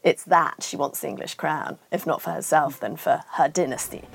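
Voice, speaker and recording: A woman's voice: low voice, fairly even intonation, moderate pace, gravelly, soft background music. A woman historian on a discussion panel, opinionated and questioning, laughing easily.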